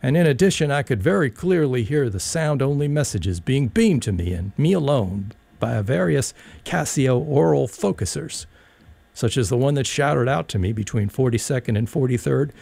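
A man's voice: medium pitch, expressive, normal speed, gravelly, darkish tone, dry recording. A man reading a first-person story aloud in an audiobook, wry and rambling. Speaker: narrator.

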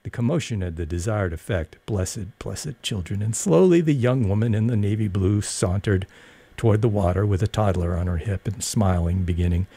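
A man narrating an audiobook in a steady, measured storytelling manner. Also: on the low side, breathy edge, no echo.

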